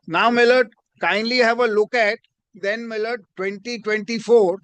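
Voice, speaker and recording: A man's voice: sits high, fairly even intonation, moderate pace, a bit bright, smooth, dry recording. A man arguing before a judge in a courtroom, deferential and formal, inserting "my lord" into nearly every phrase. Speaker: advocate.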